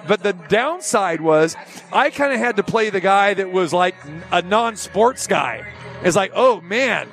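A middle-aged man hosting a sports talk show, telling a rambling, animated story in casual chat. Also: sits high, gravelly. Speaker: host.

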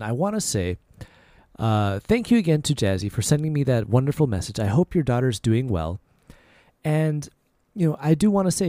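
A man hosting a language-lesson podcast, easygoing and clear, repeating short phrases slowly for learners. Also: on the high side, mellow, no room sound, clean studio sound. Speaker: Korean language podcast host.

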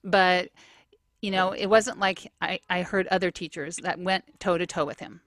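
Woman, teacher, animated storyteller, casual podcast chat, dry close sound. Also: fairly low pitch, moderate pace, no echo. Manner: storytelling, animated, acts out quotes.

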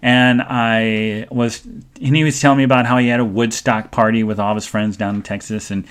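A man's voice: fairly even intonation, moderate pace, clean tone. Guy hosting a live show, chatty and rambling, lots of ums and restarts. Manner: rambling, chatty storytelling with many fillers and restarts; greets chat viewers in a sing-song high voice. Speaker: podcast host. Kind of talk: live-stream casual chat.

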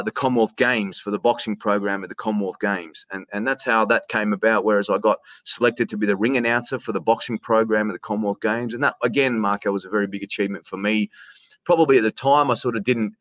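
Chatty Australian man, lowish dry voice. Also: a bit bright, dry recording. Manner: chatty, restarts a lot, says "mate". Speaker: ring announcer and presenter. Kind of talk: casual interview storytelling.

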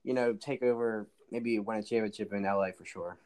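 A man's voice: lowish voice, fairly even intonation, brisk, darkish tone. A man talking as a guest in a casual sports chat, giving strong opinions and repeating his points.

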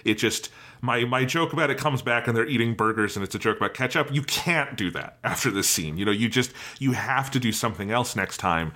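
A man's voice: mid-range voice, a little fast, sharp tone. A man casually discussing an anime episode as co-host, enthusiastic and reflective. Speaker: podcast co-host.

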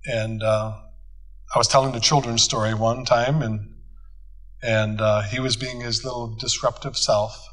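A man's voice: medium pitch, fairly even intonation, measured pace, a bit bright, low-quality recording. A man, a pastor, teaching a church conference group in a folksy, storytelling way, acting out bits of dialogue. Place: conference hall.

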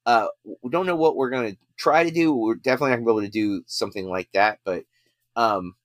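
A man's voice: medium pitch, fast talker, no echo. Rambling male podcast host, dry close sound. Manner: rambling, many fillers and restarts. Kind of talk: casual podcast chat.

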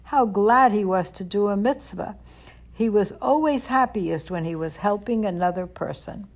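A woman reading a children's story aloud, gentle and expressive. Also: mid-range voice, normal speed.

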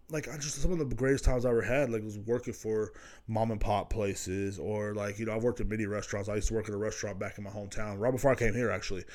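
A young podcast host with a medium-pitched, darkish voice delivers a rambling solo monologue. He cusses nonstop and keeps veering off topic, hopping from story to story.

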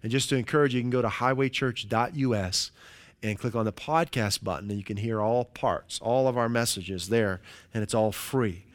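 A man preaching a sermon as pastor, leading his congregation through slow, emphatic call-and-response lines. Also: mid-range voice.

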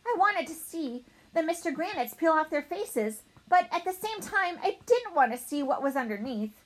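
A woman narrating a children's storybook in a playful, animated way as a young boy narrator. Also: extremely high pitch, moderate pace, low-quality recording. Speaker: audiobook narrator.

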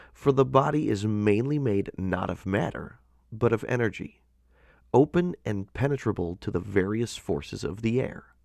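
Slow, expressive male audiobook narrator. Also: on the low side, creaky, no echo, clean studio sound. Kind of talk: scripted devotional audiobook narration.

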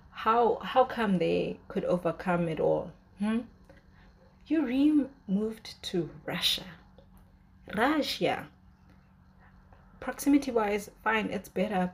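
A woman's voice: medium pitch, gravelly, a little mellow. A young woman in casual commentary, talking emotionally about a drama's breakup with many fillers and restarts. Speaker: drama reviewer.

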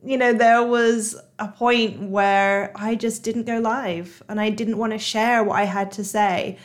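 A woman's voice: on the high side, fairly even intonation, unhurried. A woman with a Bristol accent, hosting her own podcast as a hypnotherapist and coach, talking casually with many fillers. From Bristol, England. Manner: chatty, frequent "you know" and "like" fillers. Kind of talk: solo podcast monologue.

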